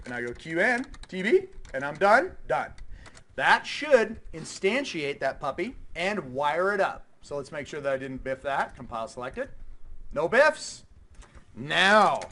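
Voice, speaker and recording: A man teaching a class, coding live and chatting with his students in a playful, informal way. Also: high-pitched. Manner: lively, chatty, teasing students. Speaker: university instructor.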